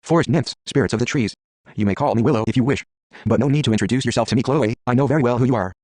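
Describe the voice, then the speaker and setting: A man's voice: medium pitch, racing, darkish tone, no room sound, natural voice. A man voicing a proud, stern female tree spirit who scolds in a haughty way.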